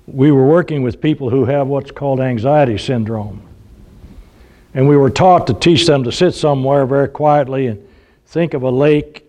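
A man's voice: medium pitch, mellow. An older man preaching a sermon, telling folksy humorous stories and acting out the voices he quotes.

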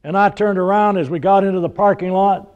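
A man's voice: sits high, fairly even intonation, brisk, clean tone, narrow, tinny audio. An older man preaching a sermon, telling folksy humorous stories and acting out the voices he quotes.

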